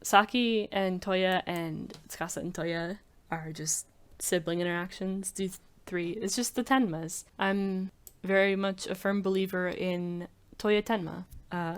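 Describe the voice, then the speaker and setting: A woman's voice: medium pitch, steady tone, measured pace, clean tone. A woman rambling casually in a commentary video, filling her talk with frequent "like"s. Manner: rambling, heavy use of "like" fillers. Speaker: video creator.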